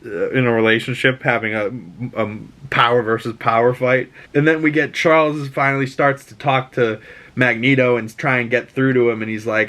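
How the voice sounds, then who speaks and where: Boston-accented male podcast host, mid-pitched, loose and profane recap style. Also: normal speed. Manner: rambling, animated, swears, acts out lines. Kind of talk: casual show recap.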